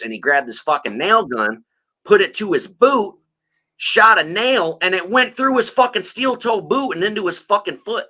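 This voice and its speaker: A man's voice: sits high, expressive, moderate pace, sharp tone. A man co-hosting a podcast, telling rambling, profane stories in casual chat. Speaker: podcast co-host.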